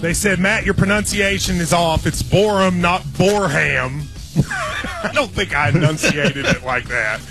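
A man's voice: on the high side, expressive, moderate pace, bright, forceful tone, soft background music. A man in his forties co-hosting a sports radio show, telling an enthusiastic, rambling fan story in casual banter. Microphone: studio microphone.

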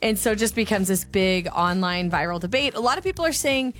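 A woman's voice: medium pitch, lively intonation, a bit bright, soft background music. A woman co-hosting a radio show, casually chatting and reading texts from a story aloud. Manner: chatty, reads texts aloud, quick laughs. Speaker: radio co-host. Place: radio studio.

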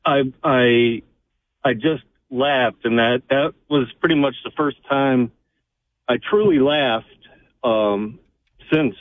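A man calling in to a radio show, speaking slowly and earnestly with many pauses. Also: medium pitch. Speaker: radio caller. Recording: tinny phone line.

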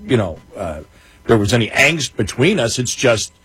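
A man co-hosting a late-night talk radio show, telling personal stories in casual, animated chat with many restarts. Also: medium pitch, moderate pace, breathy edge, no echo, poor audio.

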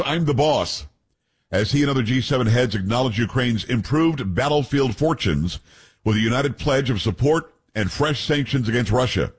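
A man's voice: medium pitch, slightly rough. A man hosting talk radio, reading news stories aloud and breaking in with blunt, opinionated asides.

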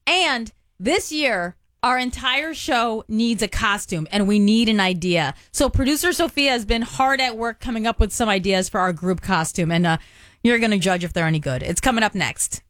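A woman co-hosting a radio show, chatting casually in an upbeat, excited way. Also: on the high side, normal speed, no echo, clean studio sound.

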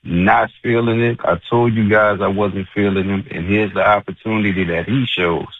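A man's voice: fairly low pitch, steady tone, normal speed, no echo. A man calling in to a radio show, indignant and complaining. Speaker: caller. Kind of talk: call-in rant. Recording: tinny phone line.

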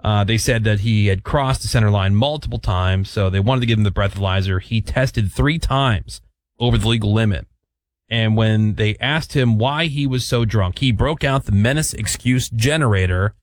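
A man's voice: fairly low pitch, normal speed, no room sound. A middle-aged man, hosting a casual talk show and telling stories, acting out the quotes in them. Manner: animated storyteller, acts out quotes. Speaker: radio show host.

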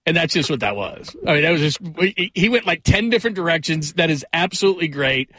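A man's voice: a little high, animated, quick pace, pushed and bright, no echo. A man hosting a sports talk radio show, upbeat and full of big praise. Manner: upbeat, hyperbolic, loose.

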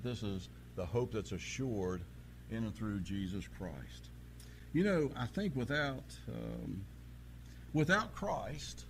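A man preaching a sermon, telling folksy stories and swinging from quiet asides to loud preaching. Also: mid-range voice, creaky, a little hiss or hum. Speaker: pastor.

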